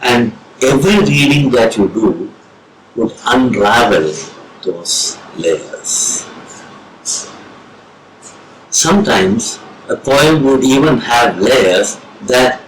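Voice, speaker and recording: A man with an Indian English accent, a professor of English giving a slow, measured lecture on reading poetry with deliberate pauses. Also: mid-range voice, lively intonation, a little hiss or hum. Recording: roomy with faint ambience.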